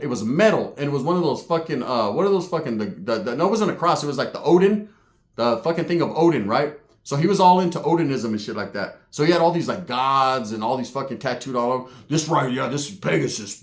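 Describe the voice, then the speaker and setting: A man's voice: fairly high pitch, lively intonation, a little fast, roomy sound. Profane man telling a street story. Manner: profane, tags lines with "right?".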